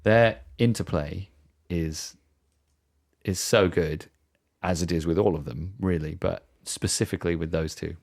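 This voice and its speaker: A man's voice: deep voice, a little slow, gravelly, a little mellow. A man co-hosting a podcast in casual chat, retelling film scenes in a reflective, hesitant way. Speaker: podcast co-host.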